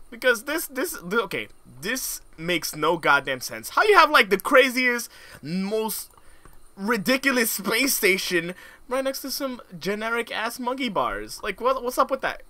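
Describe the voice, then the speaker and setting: Young male gamer, joking and slangy commentary; lively, bright delivery. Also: very high-pitched, no echo. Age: young adult. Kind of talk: let's play commentary.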